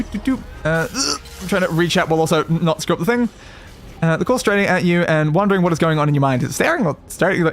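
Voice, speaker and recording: A young Australian man gives running commentary as he plays, coaching himself through jumps and chatting with viewers. His voice sits high and swings up and down a lot, with faint music underneath. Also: a bit bright. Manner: chatty, self-coaching, talks to chat. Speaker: streamer. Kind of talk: casual gameplay commentary.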